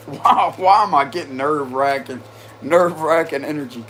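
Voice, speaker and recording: A man's voice: on the high side, moderate pace, a bit bright, a little hiss or hum. A man giving a casual tarot reading, chatty and slangy, talking straight to his viewers and often breaking into laughter. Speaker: tarot reader.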